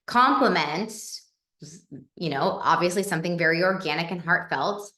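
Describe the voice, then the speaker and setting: Bright-voiced woman coaching a sales team. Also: lowish voice, expressive, normal speed, reverberant. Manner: chatty, coaching, acts out example messages. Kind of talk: casual training call.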